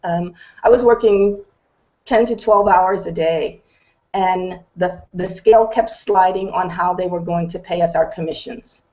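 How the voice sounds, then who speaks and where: A woman's voice: on the low side, measured pace, warm tone, dull audio. A middle-aged woman giving an earnest, determined personal testimony on an online video call. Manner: earnest, determined, candid storytelling. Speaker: business testimonial speaker.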